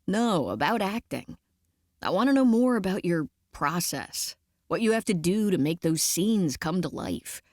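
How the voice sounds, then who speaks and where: A woman voicing a relaxed, earnest young man in an audiobook, speaking in a teasing, admiring way. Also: fairly low pitch, unhurried, no echo, studio quality.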